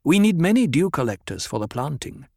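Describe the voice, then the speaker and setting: A man's voice: sing-song, brisk, creaky, darkish tone, no echo, exaggerated voice. A man voicing an anxious, proud young desert woman in a raised, insistent voice, in a dry recording. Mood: wary. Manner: pleading, insistent, high put-on voice.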